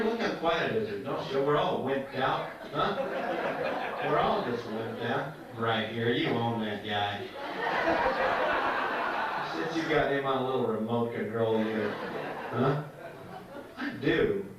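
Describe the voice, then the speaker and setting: A man doing a stand-up comedy set in a comedy club, teasing and talking to the crowd. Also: medium pitch. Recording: echoey club from far off, loud room noise. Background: audience laughter.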